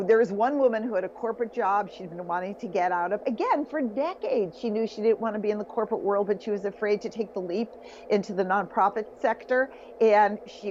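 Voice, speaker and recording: A woman's voice: mid-range voice, a little mellow, slight background noise. A woman guest on an interview, talking enthusiastically and telling success stories. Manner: enthusiastic, storytelling. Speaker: guest, self-help author. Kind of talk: casual interview chat. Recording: slightly dull lo-fi audio.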